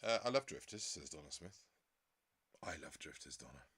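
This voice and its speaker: A man's voice: rumbling low, sing-song, moderate pace, fairly bright tone, breathy edge, no room sound. An English man hosting a stream in a casual, rambling way, reading out viewer comments and laughing often. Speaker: livestream host.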